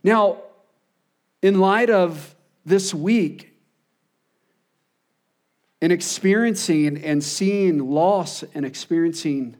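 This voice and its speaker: A man preaching a sermon as pastor, earnest, repeating phrases and dropping soft for emphasis. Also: high-pitched, drawn-out words, pauses often.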